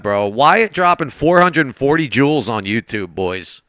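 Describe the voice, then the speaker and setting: A man chats casually with his live-stream audience while he plays, thanking donors and talking straight to chat. His voice is bright and smooth and swings up and down a lot. The sound is dry and close, with no room around it. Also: mid-range voice, very animated, normal speed, no room sound. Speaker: game streamer. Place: at a desk.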